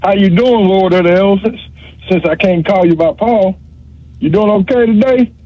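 A man's voice: high voice, moderate pace, no echo. A male caller trading joking, teasing trash talk on a call-in radio show over a phone line.

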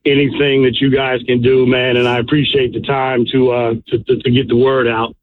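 A man's voice: medium pitch, little pitch movement, a little fast, dry recording. Worried man calling in on a phone line. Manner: earnest, worried, says "man" often. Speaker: caller. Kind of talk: call-in to radio show.

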